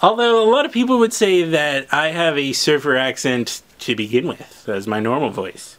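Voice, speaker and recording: A man hosting a casual unboxing video, chatty and excitable, talking straight to his viewers. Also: medium pitch, moderate pace, slight background noise. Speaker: comic shop host.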